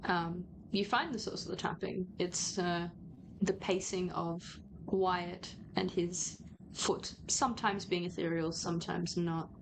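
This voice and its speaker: A woman game master describes the scene in a measured, descriptive way. Her voice has a gravelly fry to it, and a steady background hiss fills the recording. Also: on the low side. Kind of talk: narrating a tabletop game.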